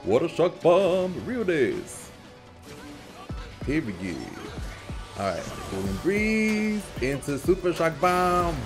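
A man giving live gameplay commentary as a channel host, in an animated, playful trash-talking way with frequent laughter. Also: fairly high pitch, takes it slowly, soft background music.

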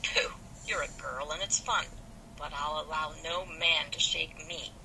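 A proud, sulky young man from an old novel who defends himself indignantly, as a woman reads his lines aloud. The voice sits low for a woman and carries a clear hiss of background noise. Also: steady tone, unhurried, sharp tone, heavily acted, poor audio. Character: male youth, proud and sulky.

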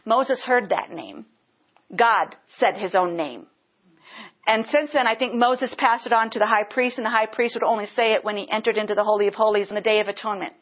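A woman's voice: medium pitch, a little fast. A woman teaching a Bible lesson earnestly, breaking into bursts of praise. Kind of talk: teaching sermon. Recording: dull lo-fi sound.

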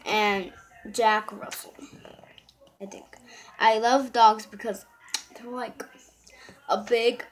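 A woman's voice: a little high, fairly even intonation, takes it slowly, long pauses, slight background noise, poor audio. A young woman rambling casually to the camera in a bedroom, filming on a handheld phone and using lots of fillers. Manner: rambling, full of fillers like "so" and "yeah". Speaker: vlogger. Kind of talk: casual vlog chat. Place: bedroom indoors.

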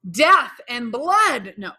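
A woman real estate sales trainer quizzes attendees at a live workshop, then repeats their answers back. She speaks slowly in a slightly high, sing-song voice that sounds pushed and bright.

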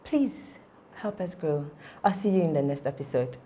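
A young woman co-hosting a casual entertainment chat, animated and laughing often. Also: sits low, moderate pace. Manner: laughing, animated, repeats words. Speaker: co-host.

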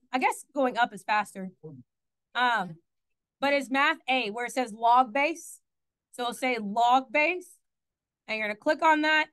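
A woman with a bright, high voice teaches a math lesson in a classroom. She talks in a chatty way, keeps asking the class questions and corrects herself as she goes. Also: clear, resonant tone.

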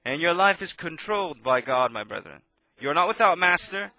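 A man preaching a sermon, impassioned and swinging between loud outbursts and hushed asides. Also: on the high side, lively intonation, normal speed.

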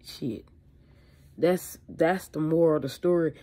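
A woman's voice: low voice, measured pace, mellow. A woman vlogger from Louisiana, sick with allergies, talking candidly to camera in a rambling way with fillers and mild swearing. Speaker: beauty vlogger. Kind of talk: casual chat to camera. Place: indoors at home.

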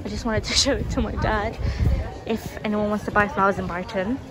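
Out of breath and giggly, this young adult vlogger chats in a rambling way while filming on her phone outdoors and inside a restaurant. She talks fairly quickly in a medium pitch with fairly even intonation. The audio is poor, with heavy street crowd and traffic noise behind her.

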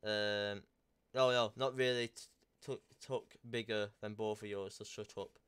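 Young guy, low clear voice, casual crude storytelling vlog, swears, rambles, corrects himself. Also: steady tone, unhurried, fairly bright tone. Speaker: YouTuber. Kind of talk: casual storytelling, reading out texts.

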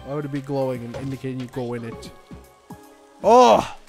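A young man commenting on a game as he plays, swearing often and joking excitedly. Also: mid-range voice, racing, faint music behind. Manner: profane, excitable, jokey. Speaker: gaming YouTuber. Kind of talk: let's play commentary.

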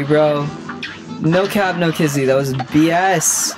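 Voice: mid-range voice, animated, measured pace. Laughing, swearing young game streamer. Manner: laughs often, swears freely, teasing. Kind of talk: casual live gameplay commentary. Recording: game music behind the voice.

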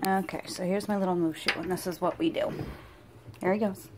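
A woman filming a casual vlog at home, talking affectionately to her pet in cooing baby talk that grows soft and hushed. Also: lowish voice, fairly even intonation, fairly quick, noisy background. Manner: soft and hushed when petting. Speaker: vlogger and pet owner.

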